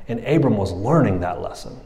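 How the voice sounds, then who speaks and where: A man preaching a sermon as pastor, animated and conversational, acting out Bible characters in quick voices. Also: fairly low pitch.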